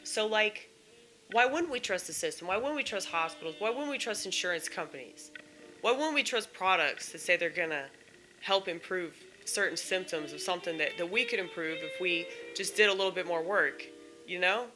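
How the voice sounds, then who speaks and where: Bright-voiced woman ranting bluntly. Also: fairly low pitch, lively intonation, normal speed, faint music behind. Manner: blunt, opinionated, swears casually. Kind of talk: casual ranting monologue.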